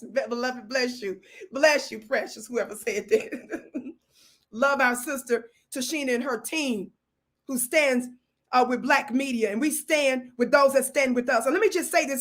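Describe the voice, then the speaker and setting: With a somewhat bright, high voice, a woman running a live stream reads out her chat's comments in a preacher-like manner and calls down blessings on those watching.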